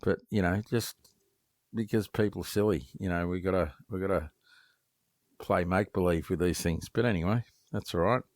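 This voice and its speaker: Podcast guest: Australian man, deep voice, dry close sound, rambling swearing storyteller. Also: normal speed, no echo. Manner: lively storyteller, swears freely, acts out quoted voices; many false starts and repeated words. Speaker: guest knifemaker. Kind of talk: casual podcast interview.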